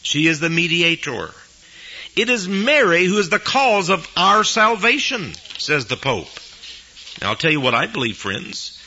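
A man's voice: fairly high pitch, big pitch swings, a little slow, sharp tone, dull audio, slight background noise. A man preaching a sermon, emphatic, with his voice rising sharply whenever he quotes someone.

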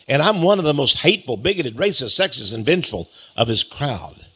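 An East Texas host with a husky, slightly bright, medium-pitched voice delivers a fairly quick talk monologue with big pitch swings. Reading a critical article aloud, he mocks it with sarcastic, chuckling remarks, drawling and repeating phrases with mock pride.

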